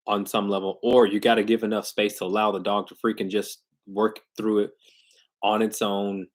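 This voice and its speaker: A man with a slightly low voice talks casually on a live stream about training dogs. He rambles and restarts often, drops slang, and keeps a loose, off-the-cuff feel. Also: a bit bright. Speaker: dog trainer hosting a live Q&A. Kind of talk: casual livestream talk. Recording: glitchy internet livestream.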